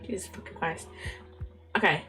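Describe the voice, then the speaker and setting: Commenting casually on a word-guessing game she's streaming, a young woman curses nonstop and talks through her guesses aloud. She speaks at a normal speed with a sharp tone, over faint lo-fi music.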